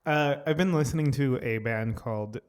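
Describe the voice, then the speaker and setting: A man's voice: mid-range voice, moderate pace, clear, resonant tone. A man co-hosting a podcast in a studio, chatting casually and searching for words. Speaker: podcast co-host. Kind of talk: casual chat.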